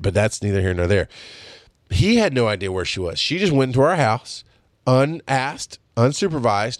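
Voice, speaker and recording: A man's voice: medium pitch, no room sound, studio quality. A middle-aged man hosting a podcast, speaking bluntly in a casual, profane monologue. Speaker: podcast host.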